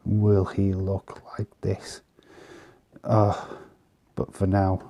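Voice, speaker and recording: A man casually commenting on trading cards in an easygoing, chatty way, pausing often with fillers. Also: fairly low pitch, level tone, creaky, warm tone. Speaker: vlogger showing trading cards.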